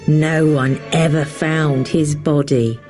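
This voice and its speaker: A man's voice: on the high side, steady tone, slow, music in the background, pitched above the performer's own voice. A man voicing a grave old housekeeper woman. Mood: solemn. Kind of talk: storybook reading.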